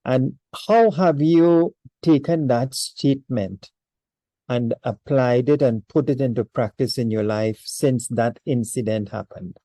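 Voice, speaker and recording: Slow, mellow-voiced male interviewer. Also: mid-range voice, no echo, low-quality recording. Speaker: interview host. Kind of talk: interview questioning.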